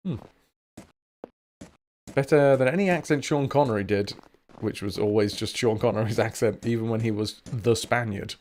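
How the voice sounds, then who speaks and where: A man's voice: medium pitch, moderate pace, long pauses, darkish tone, slight background noise. A man with a southern English accent, chatting casually and joking while he streams a game. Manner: chatty, jokey, swears now and then. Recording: game music behind.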